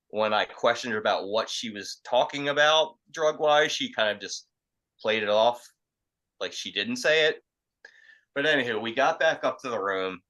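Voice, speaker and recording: On a podcast, a young man with a lowish voice casually tells a crude story. He rambles, swears, uses lots of fillers, and acts out quotes loudly. The audio is poor.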